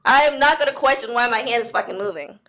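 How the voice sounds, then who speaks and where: A woman's voice: fairly high pitch, fast talker. A woman on voice chat, mocking and exasperated as she argues back. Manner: sharp-tongued, mocking, exasperated. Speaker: voice chat participant. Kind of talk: heated casual argument.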